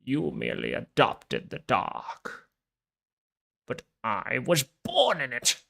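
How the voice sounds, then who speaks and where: A man doing a slow, menacing Bane. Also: mid-range voice, huge pitch swings, vocal fry, sharp tone, heavily acted. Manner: slow, drawn-out delivery. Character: menacing masked male villain, slow and theatrical.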